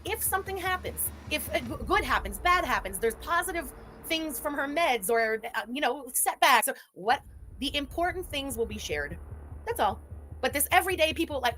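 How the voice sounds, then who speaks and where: Fast-talking, high-voiced sarcastic woman host. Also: very animated, fairly bright tone. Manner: sarcastic, chatty, laughs often. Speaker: commentary channel host. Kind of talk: livestream reaction commentary.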